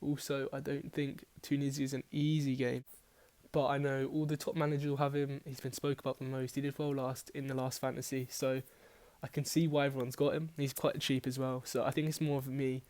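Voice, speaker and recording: This man's mid-range, slightly mellow voice stays level as he speaks briskly about which fantasy football players to pick. His casual team-selection talk is chatty and rambling, full of self-corrections and offhand swearing.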